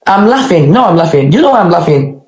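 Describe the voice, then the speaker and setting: A woman's voice: lowish voice, very animated, quick pace, a little mellow. A woman as an interview guest, speaking passionately and repeating her phrases for emphasis as she answers critics. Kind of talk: emotional conversational interview. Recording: echoey room.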